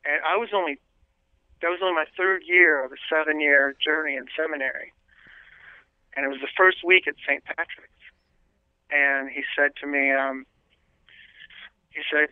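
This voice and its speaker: A man, a priest, earnestly telling his life story as an interview guest, pausing often with fillers and restarts. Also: on the high side, steady tone, smooth, dry recording. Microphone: telephone. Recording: tinny dry phone line.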